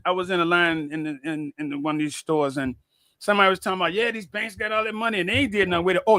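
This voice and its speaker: Here a high-pitched man speaks in a casual, blunt, animated way, his speech full of stammers, repetitions, and profanity. The audio is dry and of studio quality.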